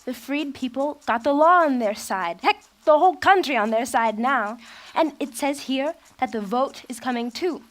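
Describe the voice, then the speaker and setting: A woman's voice: sits high, moderate pace, fairly bright tone. A woman playing an earnest young woman in a stage play. She asks curious, polite questions and explains things keenly. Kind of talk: stage acting.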